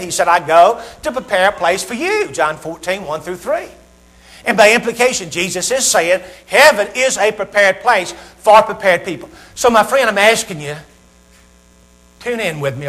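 High bright-voiced Southern preacher. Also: male voice. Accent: Southern American. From Southern United States. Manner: rhetorical questions with dramatic pauses. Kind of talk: sermon.

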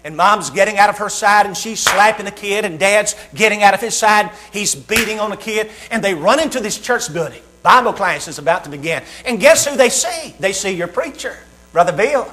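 Preacher guy, high voice, funny storytelling sermon, bit of hum on the recording. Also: animated, brisk, bright, forceful tone. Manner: storytelling with acted-out voices and humor.

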